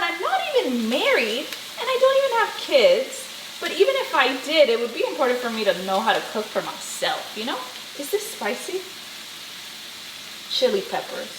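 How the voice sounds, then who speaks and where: A young woman rambles cheerfully through a home cooking vlog, joking at her own expense. Her voice sits fairly high and swoops up and down a lot. Loud frying noise and room echo fill the kitchen around her. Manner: chatty, rambling, self-deprecating asides. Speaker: vlogger. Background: food sizzling and stirring.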